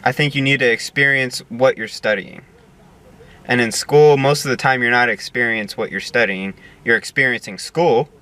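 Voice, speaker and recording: Bright-voiced young man musing earnestly. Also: medium pitch, normal speed. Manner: earnest, repeats words while searching for them. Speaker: video essayist. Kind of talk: casual monologue.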